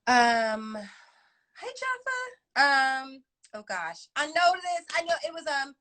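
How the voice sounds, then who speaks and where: Lively high-voiced laughing woman. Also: unhurried. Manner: laughing, playful, quotes lines in put-on voices. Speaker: actress guest. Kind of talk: casual video chat interview. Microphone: phone or laptop on a live video call.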